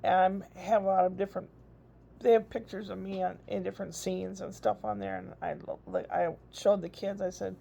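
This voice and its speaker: Gravelly-voiced older grandmother rambling. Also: medium pitch, little pitch movement, a little fast, dark tone. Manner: chatty, rambling, frequent laughs. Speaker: vlogger. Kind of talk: casual rambling video diary. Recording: dull lo-fi recording.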